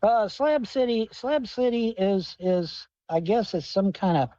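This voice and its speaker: A man with a higher pitch and a mellow, dark tone rambles profanely through a livestream, answering the chat from his car. The sound is dry and lo-fi. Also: lively intonation, a little slow, no echo. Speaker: livestream host. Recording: dull, dry lo-fi stream audio.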